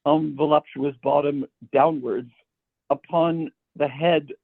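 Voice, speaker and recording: A man's voice: on the high side, steady tone, takes it slowly, gravelly, dry recording. A man, a guest composer, telling long anecdotes, often stammering and repeating words as he starts sentences. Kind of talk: anecdotal storytelling. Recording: tinny phone-like line.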